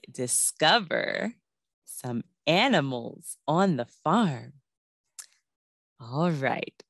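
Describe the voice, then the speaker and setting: A woman's voice: sits low, sharp tone, no echo. A woman teaching a preschool class, coaxing the children to repeat words and join in songs.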